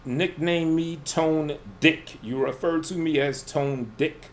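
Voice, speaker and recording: A man's voice: on the high side, steady tone, slow. A man with a somewhat raised voice talks in loose, profane radio chat. He sounds defiant and sure of himself as he brushes off the jabs thrown at him. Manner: profane, defiant, self-assured. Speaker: guest under roast.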